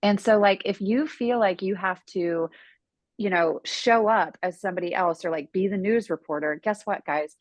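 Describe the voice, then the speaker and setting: A woman co-hosting a live online meetup, giving energetic, motivating advice with lots of fillers. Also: mid-range voice, normal speed, no room sound. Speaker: co-host. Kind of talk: casual advice chat.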